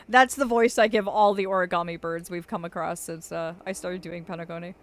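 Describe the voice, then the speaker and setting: A woman's voice: lowish voice, fairly even intonation, a little fast, a little hiss or hum. A woman streaming a game live, chatting playfully and reading game lines aloud as she plays. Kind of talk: live gameplay commentary. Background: game music.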